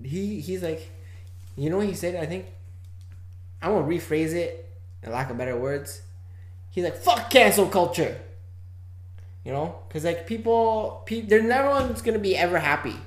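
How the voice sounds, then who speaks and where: A woman's voice: on the low side, expressive, moderate pace, pauses often. Rambling woman saying "dude" in an echoey room. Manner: rambling, says "dude" a lot, laughs easily. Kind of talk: casual chat.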